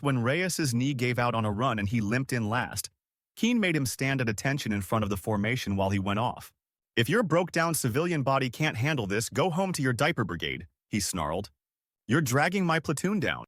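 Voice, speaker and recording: A man reading scripted stories aloud as a narrator, with a lively, dramatic storytelling delivery. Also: medium pitch, dry recording, clean studio sound.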